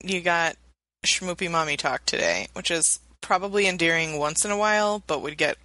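A woman's voice: on the low side, animated, moderate pace, bright, forceful tone, dry recording, low-quality recording. A woman co-hosting a podcast in casual chat, sounding ill, wry and self-mocking. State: ill, voice roughened by sickness. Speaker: podcast co-host.

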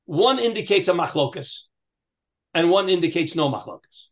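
A man's voice: high-pitched, expressive, normal speed. A man teaching a Talmud class, reading passages aloud in a lilting chant and then explaining them with frequent restarts and questions to his students. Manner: reads Aramaic text aloud in a singsong lilt, then explains, with many restarts.

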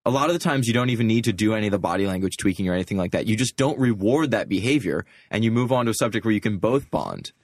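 A man's voice: fairly low pitch, animated, very fast, few pauses, no room sound, studio quality. A man hosting a podcast in casual chat, explaining ideas and steering the topic. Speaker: podcast host.

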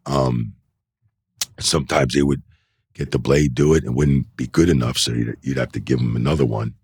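A man's voice: rumbling low, moderate pace, breathy edge, no echo, clean studio sound. A middle-aged man, a wrestling referee, telling loose anecdotes in a casual interview and filling them with "you know" and "like.". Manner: animated anecdotes, acts out quoted voices. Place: indoor interview set.

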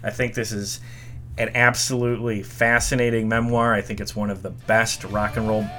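A man's voice: lowish voice, flat delivery, moderate pace, pushed and bright. A man hosting a music history podcast, reading a script in an enthusiastic, opinionated way. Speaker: podcast host.

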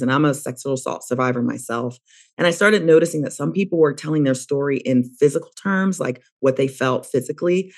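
Gravelly-voiced middle-aged woman therapist. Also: very deep voice, a little mellow. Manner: reflective, emphatic storytelling. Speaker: therapist guest. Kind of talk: podcast interview.

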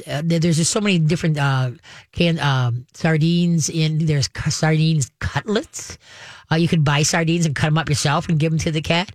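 A man's voice: on the high side, no room sound, studio quality. A man hosting a call-in radio show on pet advice, talking in a folksy, rambling way with many fillers and restarts. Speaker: radio pet expert host.

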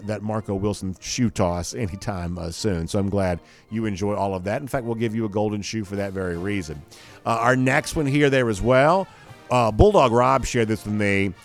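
A man hosting a daily college football talk show, rambling casually with many fillers and restarts. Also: mid-range voice. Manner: rambling, self-correcting, with frequent fillers. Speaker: sports show host.

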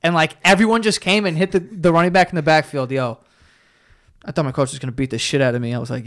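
Young man, casual chat, profane storytelling, slightly higher voice. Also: a little fast. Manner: animated, profane, frequent "yo" and "like".

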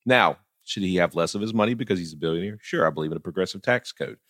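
A man's voice: deep voice, fast, fairly bright tone, dry recording, clean studio sound. A middle-aged man talking politics casually, blunt and profane, often laughing as he tells stories. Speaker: political commentator.

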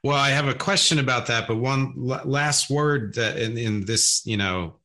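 Host: man from the Philadelphia area, bright tone, enthusiastic, casual chat. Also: mid-range voice, moderate pace. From South Jersey / Philadelphia area. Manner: enthusiastic, rambling, frequent restarts. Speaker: podcast host.

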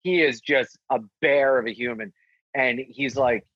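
A man, a stand-up comedian, telling a story in casual chat and acting out the quotes in a higher voice. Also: unhurried, dry recording, lo-fi sound. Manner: animated, acts out quotes in a higher voice.

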